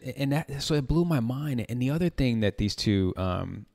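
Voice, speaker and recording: A man talking in a casual chat, animated and joking, often laughing. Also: medium pitch, moderate pace, vocal fry.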